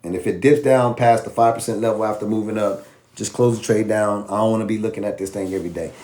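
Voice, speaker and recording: A man casually teaching trading, animated and slangy, acting out both sides of an argument with himself. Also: lowish voice, fast. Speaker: trading educator.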